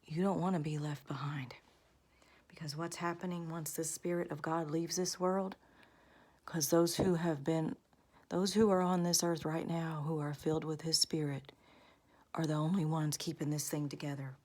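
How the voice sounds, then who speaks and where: A woman's voice: low-pitched, flat delivery, normal speed, darkish tone. A woman vlogger in her thirties or forties, earnestly delivering a religious warning, often half-whispering.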